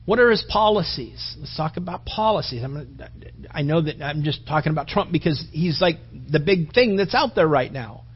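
A man's voice: fairly high pitch, animated, moderate pace, breathy edge. A male pastor giving a joking, rambling conversational sermon in a dull recording. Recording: dull lo-fi sound.

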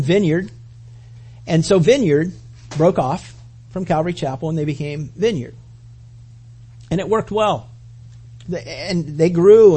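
Husky-voiced man preaching casually. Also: high-pitched. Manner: conversational, animated preaching with quoted asides. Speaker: pastor. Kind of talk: sermon.

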